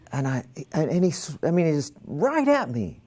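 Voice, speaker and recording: A man's voice: fairly high pitch, a little mellow. Rambling male lecturer telling a story. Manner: rambling, self-interrupting storyteller. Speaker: stress management instructor.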